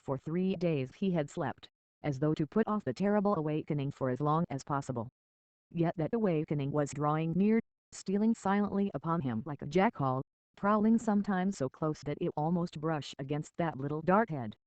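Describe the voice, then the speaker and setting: Steady reader of a children's novel. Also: mid-range voice, normal speed, dry recording, lo-fi sound. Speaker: audiobook reader. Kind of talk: storybook narration.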